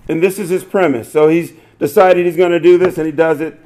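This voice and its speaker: Older man, pastor, high-pitched, animated storyteller in a sermon. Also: a little fast, few pauses. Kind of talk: sermon with a told joke.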